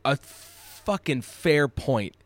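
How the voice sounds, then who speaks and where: Animated, stammering man on film podcast. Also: medium pitch, extremely slow, dry recording. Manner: animated, stammering restarts, swears. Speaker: podcast co-host. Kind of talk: casual film discussion.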